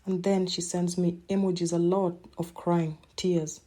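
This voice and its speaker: A middle-aged woman hosting a podcast, telling a personal story in an emotional, halting way and repeating words as she speaks. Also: fairly low pitch, flat delivery, mellow. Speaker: podcast host.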